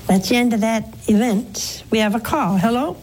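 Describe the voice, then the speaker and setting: A woman's voice: a little high, moderate pace, darkish tone, slight background noise, low-quality recording. A woman, a nun hosting a call-in program, preaching earnestly and coaxing her listeners with questions. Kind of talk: preaching and counseling callers.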